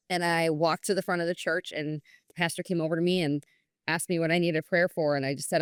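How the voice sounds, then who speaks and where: Earnest woman, lowish voice, dry sound. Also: brisk, clear, resonant tone, no echo. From New York. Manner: earnest, candid storytelling with frequent "I was like" and quoted dialogue. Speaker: podcast guest. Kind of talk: personal testimony in conversation.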